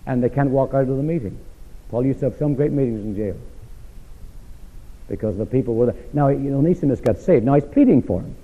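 A man preaching a sermon, throwing rhetorical questions at his listeners and swinging from loud emphasis to hushed asides. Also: mid-range voice, expressive, brisk. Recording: echoey hall over a tinny, phone-like line.

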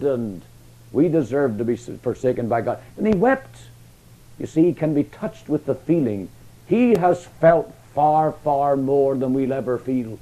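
A man preaching a sermon, passionate, with emphatic rises and hushed, quiet drops. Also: a little high, low-quality recording.

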